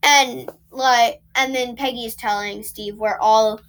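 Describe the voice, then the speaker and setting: Woman, high voice, casual podcast chat, animated scene retelling. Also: unhurried, a little hiss or hum, low-quality recording. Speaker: podcast co-host. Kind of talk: casual movie recap chat.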